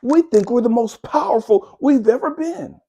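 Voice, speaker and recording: A spiritual coach tears into his listeners in a fierce, profane motivational monologue. His voice is raspy, his pitch swings widely, and he scolds like a preacher. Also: expressive, normal speed, dark tone.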